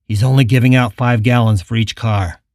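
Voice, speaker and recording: A man voicing a shaken man on the run who talks quietly and subdued. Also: mid-range voice, steady tone, normal speed, no room sound, clean studio sound, natural voice.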